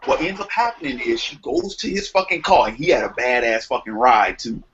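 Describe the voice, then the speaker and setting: A young man telling a long story in casual podcast chat, profane and animated, acting out quotes. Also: mid-range voice, fairly quick, a crowd in the background. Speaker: podcast co-host. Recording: muffled lo-fi sound with faint noise.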